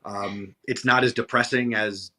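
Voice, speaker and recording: A man's voice: mid-range voice, fairly even intonation, unhurried, bright, forceful tone. A man co-hosting a podcast in casual chat, easygoing and earnest. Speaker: podcast co-host.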